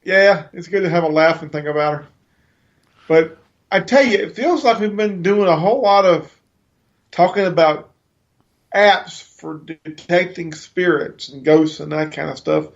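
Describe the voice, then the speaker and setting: A man's voice: fairly high pitch, unhurried, vocal fry, muffled recording. A man co-hosting a podcast, chatting casually and often reacting in short remarks. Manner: brief reactive interjections. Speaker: podcast co-host.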